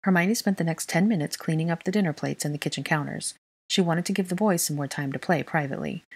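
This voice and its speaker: A woman narrating fan fiction in a steady, even reading style. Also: deep voice, fast talker, breathy edge, dry recording. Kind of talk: storybook narration.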